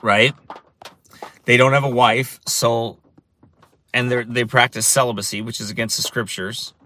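A man's voice: mid-range voice, fairly even intonation, a little slow, pushed and bright, a little hiss or hum. A man who preaches on the street tells stories in a casual monologue, often repeating phrases for emphasis. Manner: repetitive, restarts phrases for emphasis.

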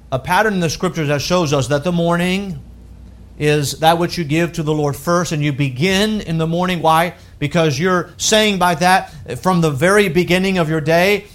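Male pastor, high-pitched, emphatic sermon delivery with loud peaks and soft falls. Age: adult with wife and children. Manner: emphatic preaching with wide swings from loud to hushed.

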